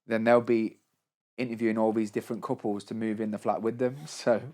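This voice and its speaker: A young man, co-hosting a podcast, chatting in a relaxed way and acting out his own quotes with a laugh. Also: on the low side, fairly quick. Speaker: podcast co-host. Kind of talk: casual chat.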